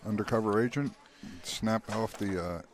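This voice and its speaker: A man doing live pool commentary, relaxed and playing off his co-host. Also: fairly low pitch, moderate pace, a little hiss or hum. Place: pool hall.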